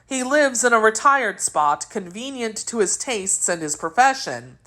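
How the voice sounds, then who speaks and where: A woman reading aloud, voicing a sly young male musketeer who tells a guarded, smooth tale. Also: on the high side, big pitch swings, a little slow, sharp tone, pitched above the performer's own voice, heavily acted.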